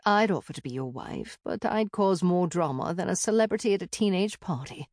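Frau liest eine spöttische junge Freundin. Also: female voice, fairly low pitch, expressive, brisk, a little mellow, dry recording. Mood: wry. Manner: wry, dry humor. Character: young woman friend, wry and teasing.

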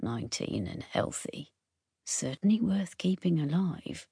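A woman reading an audiobook, voicing a suave, menacing male bandit captain who speaks in a smooth, slow, condescending way. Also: low-pitched, sing-song, dark tone, no room sound, studio quality, full character voice. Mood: suave threat. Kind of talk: audiobook character voice.

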